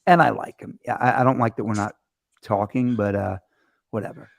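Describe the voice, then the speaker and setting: Man, host, gravelly voice, dry close sound, rambling storytelling, swears freely. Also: on the low side, brisk, dry recording. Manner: animated, rambling, profane storyteller. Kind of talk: casual chat. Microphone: webcam or phone camera mic.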